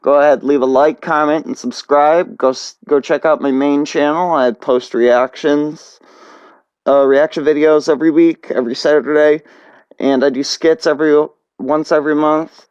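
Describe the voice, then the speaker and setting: A young man casually narrating a storytime, halting with many fillers and restarts. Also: fairly high pitch, steady tone, darkish tone, clear, resonant tone, no echo. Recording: dull dry lo-fi recording.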